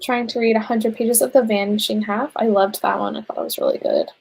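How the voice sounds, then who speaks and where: A woman's voice: a little high, fairly even intonation, a little fast, creaky, a little mellow, slightly rough. A young woman hosting a livestream, chatting casually, reading out viewer comments and laughing often. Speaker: livestream host.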